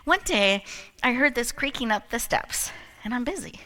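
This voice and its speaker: Emceeing a live event, this woman leads the audience through a playful story with plenty of laughter, staying animated and laughing frequently. She speaks at a moderate pace in a slightly high voice.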